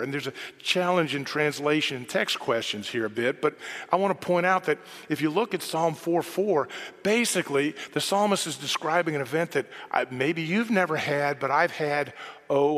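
A man preaching a sermon in a conversational way, moving between soft, quiet asides and emphatic quoted lines. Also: on the high side, expressive, moderate pace. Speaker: pastor. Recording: reverberant hall.

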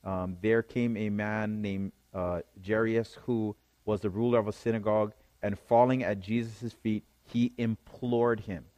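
A man's voice: on the low side, flat delivery, a little slow, hardly any pauses, dark tone, dry recording. A man preaching a sermon, reading scripture aloud and explaining it, often checking in with his listeners. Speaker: pastor.

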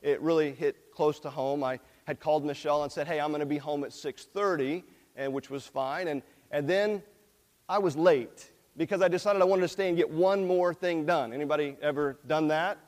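Male pastor, high-pitched voice, chatty sermon delivery that questions the congregation, long church reverb. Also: fairly even intonation, normal speed, darkish tone. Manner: conversational, asks the congregation questions. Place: church sanctuary. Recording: long reverb in a large hall.

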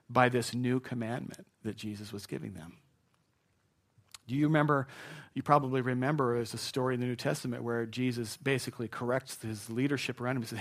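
A man preaching a sermon in a conversational way, dropping to a hush and rising to loud asides. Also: medium pitch. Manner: conversational preaching, swings from hushed to shouted asides. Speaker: pastor.

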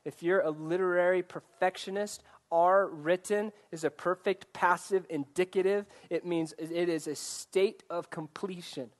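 A male pastor preaches earnestly and searchingly, his voice slightly higher than most men's, repeatedly asking his listeners direct questions. His tone is steady and a little slow with few pauses, though he's choked up and coughing.

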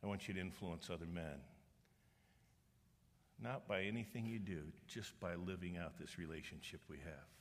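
A middle-aged man preaching a sermon, animated and humorous, rising to forceful exhortation. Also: deep voice, moderate pace. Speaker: pastor. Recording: long reverb of a large hall.

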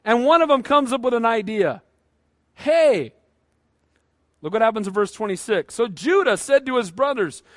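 High voiced guy preaching, acts out the bible voices, really dry sound. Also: a bit bright, no room sound. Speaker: pastor. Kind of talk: sermon.

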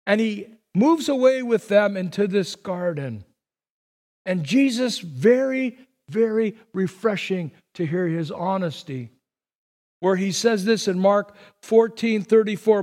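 A man's voice: very high-pitched, darkish tone, long reverb tail. A man preaching as a pastor, earnest and conversational, repeating phrases for emphasis. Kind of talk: sermon.

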